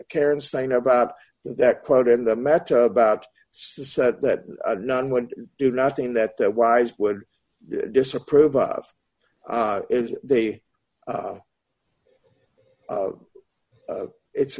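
Husky-voiced man giving a Dharma talk. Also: mid-range voice, a little mellow. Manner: slow, searching, meandering delivery. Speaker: Buddhist meditation teacher. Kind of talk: Dharma talk answering a question.

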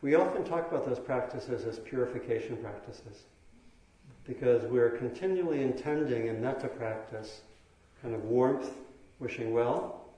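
A man teaching meditation in a dharma talk, speaking slowly and thoughtfully with pauses and fillers. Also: mid-range voice, mellow. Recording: very echoey hall.

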